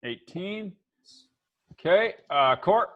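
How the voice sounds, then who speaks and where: A man's voice: sits high, lively intonation, takes it slowly, phone-quality sound. A man running a tabletop game as dungeon master, laughing often and talking loosely with lots of fillers.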